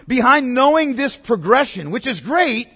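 Male pastor, high and lively, emphatic sermon delivery, husky edge, reverberant sanctuary. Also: moderate pace. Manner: emphatic, repeats key words, asks the congregation questions. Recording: long reverb of a large hall.

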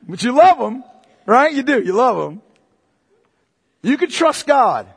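A man preaching a sermon as pastor, emphatic and repetitive, swinging between loud and hushed delivery. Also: very high-pitched, big pitch swings, measured pace, creaky, breathy edge, big-room sound.

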